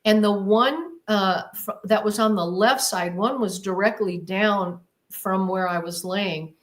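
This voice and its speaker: Speaking at a measured pace with a medium-pitched voice, a woman on an interview podcast tells a personal story. She's a vivid storyteller who repeats words for emphasis and acts out the things she exclaimed at the time.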